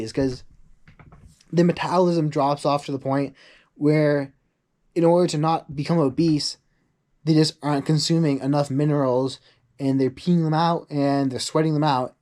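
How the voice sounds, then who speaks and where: Chatty young man vlogging, slightly high voice. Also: fairly even intonation, moderate pace, warm tone. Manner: chatty, rambling, full of "like" asides; acts out quoted people in a higher voice. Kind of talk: casual vlog monologue.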